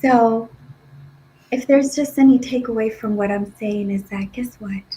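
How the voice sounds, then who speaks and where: A woman's voice: fairly high pitch, measured pace, mellow, low-quality recording. A woman in her forties from Nicaragua, speaking as a podcast guest with an emphatic, heartfelt and encouraging motivational style. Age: 40s. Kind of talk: motivational talk.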